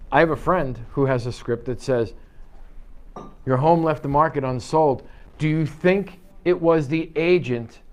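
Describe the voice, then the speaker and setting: A man coaching real estate agents through cold-call scripts in an office. He talks lively and animated, slipping into quoted voices for each side of a phone call. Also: medium pitch. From United States. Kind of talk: office training talk.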